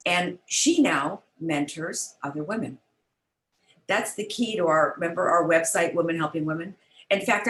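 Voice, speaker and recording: A woman's voice: fairly low pitch, a bit bright, reverberant, rough recording. An older woman telling a heartfelt personal story as an interview guest, earnest and chatty, over a video call. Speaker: guest, business founder. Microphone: online event, video call.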